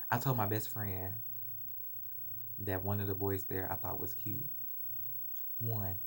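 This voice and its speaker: Young man, low-pitched voice, earnest and emotional, confessional vlog on a phone. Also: slow, vocal fry, long pauses, a little hiss or hum. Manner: earnest, animated, emotional retelling. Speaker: vlogger. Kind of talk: confessional storytelling.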